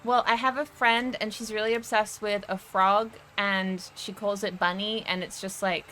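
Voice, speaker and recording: An Australian woman with a bright, sharp voice speaks in character as a tabletop game player. She talks hesitantly, filling gaps with ums and likes. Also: medium pitch, steady tone, normal speed, slight background noise, rough recording. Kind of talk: in-character role-play.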